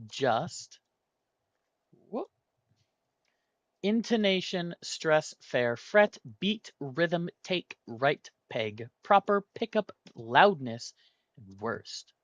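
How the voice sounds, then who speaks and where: Man solving a word puzzle aloud, unhurried and hesitant, dry close sound. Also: a little high, sing-song, a bit bright, no echo. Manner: muses aloud, hesitant, weighs options slowly. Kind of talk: thinking aloud while playing.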